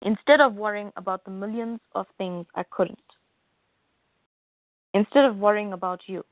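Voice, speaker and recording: A calm, dependable male soldier voiced by a woman reading from a comic who keeps a level head. The lines come out plain and unhurried, with no real put-on voice. The audio is narrow and phone-like, with no room around it. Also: medium pitch, no echo, natural voice. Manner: plain read-aloud delivery. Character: steady male soldier, calm under pressure.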